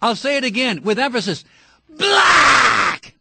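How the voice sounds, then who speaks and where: A middle-aged man hosting a call-in radio talk show, talking fervently and breaking into shouting rants. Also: a little high, animated, a little fast, very noisy. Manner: impassioned, ranting, shouting at times.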